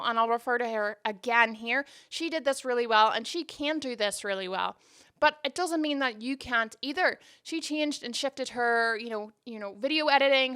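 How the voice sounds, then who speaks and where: A podcast host from Northern Ireland speaks with a mostly Canadian accent carrying traces of Northern Irish. Close to the mic, she delivers a casual monologue that is candid and reflective, with frequent restarts. Her voice is fairly high, pushed and bright, yet smooth.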